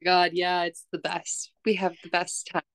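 A young woman co-hosting a podcast, her voice a little low and close to the mic with no room sound. She laughs often and swears casually as she chats. The talk stays relaxed and loose. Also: moderate pace, no echo. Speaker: podcast co-host. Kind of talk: casual chat.

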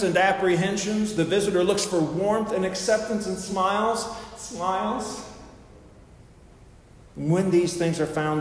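A man preaching a sermon as pastor, in a folksy, joking, conversational manner. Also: on the high side. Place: church sanctuary. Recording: very echoey hall with long reverb.

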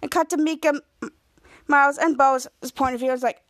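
A young woman hosts a podcast, casually recapping a TV episode and acting out the characters' lines with gasps and changing voices. Her voice sits high, with a steady tone and a brisk pace.

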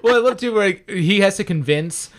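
A man's voice: high-pitched, lively intonation, moderate pace. Chatty male podcast co-host. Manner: chatty, laughs along, says "like" often. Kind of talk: casual movie-review chat.

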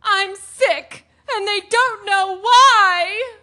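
An actress playing a melodramatic soap-opera heroine who makes a slow, tearful confession. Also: female voice, high voice, sharp tone, full character voice. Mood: sobbing. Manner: theatrical, slow, sobbing confession. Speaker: soap-opera character heard on a TV.

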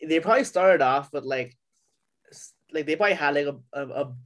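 A man's voice: fairly high pitch, a little fast, a bit bright. Young man, slightly raised voice, stammering. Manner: stammering, speculative. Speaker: podcast co-host. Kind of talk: casual chat.

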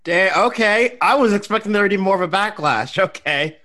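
A man's voice: high-pitched, lively intonation, fairly quick, sharp tone. A man co-hosting a podcast, chatting casually with short reactions. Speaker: podcast co-host. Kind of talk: casual chat.

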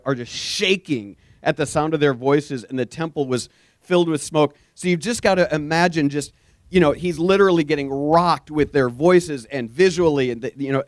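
A man preaching a sermon to his congregation, earnest and animated, with sudden bursts of energy. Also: on the high side, no room sound. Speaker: pastor.

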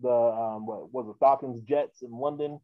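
A man's voice: medium pitch, fairly even intonation, moderate pace, no echo, phone-quality sound. Rambling man hosting a casual podcast. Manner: rambling, many fillers and restarts. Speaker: podcast host.

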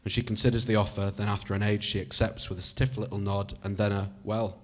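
Bloke reading a story to "you", lowish husky voice, chatty. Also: male voice, level tone, fast talker. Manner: second-person narration, conversational, swearing. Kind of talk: audiobook reading.

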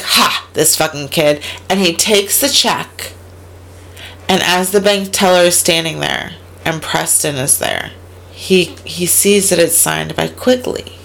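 A woman's voice: fairly low pitch, creaky, a bit bright. A woman co-hosting a casual podcast, animatedly retelling a movie's plot, acting out the characters' lines, swearing and laughing as she goes. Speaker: podcast co-host recapping a movie. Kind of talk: casual chat.

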